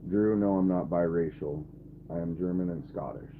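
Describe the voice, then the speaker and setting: A man's voice: low voice, normal speed, noisy background. A man in his twenties live streaming and talking to his chat, blunt and irritated, swearing often. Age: 20s. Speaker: livestreamer. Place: camper. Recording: tinny phone-like audio, faint ambience.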